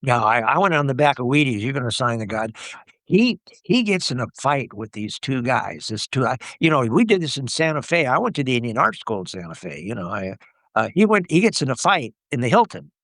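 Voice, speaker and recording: A man's voice: mid-range voice, sing-song, brisk, fairly bright tone, dry recording, clean studio sound. An older man, a guest actor, telling rambling stories in a casual interview with many "you know"s and restarts.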